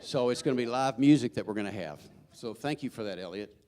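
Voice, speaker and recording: A man giving church announcements in a chatty, joking way, halting with fillers and restarts. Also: mid-range voice, lively intonation, darkish tone. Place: church sanctuary.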